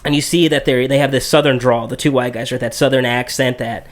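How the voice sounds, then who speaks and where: A man's voice: mid-range voice, steady tone, a little fast. A man hosting a podcast in casual discussion, thinking aloud with restarts and many tag questions. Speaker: podcast host.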